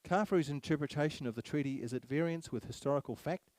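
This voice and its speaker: A man's voice: fairly high pitch, fast talker, darkish tone, dry recording. Emphatic New man addressing a crowd. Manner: emphatic, repeats key phrases, fires rhetorical questions at the crowd. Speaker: speaker at a public meeting. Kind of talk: public speech to a live audience.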